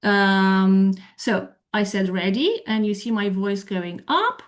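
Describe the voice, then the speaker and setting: A woman presents a talk at a slow, deliberate pace, talking through a live software demo. She explains as she thinks, backing up and rephrasing mid-sentence, with a voice pitched in the middle range for a woman. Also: animated. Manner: explanatory, thinking aloud, self-correcting. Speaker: presenter on medical English teaching.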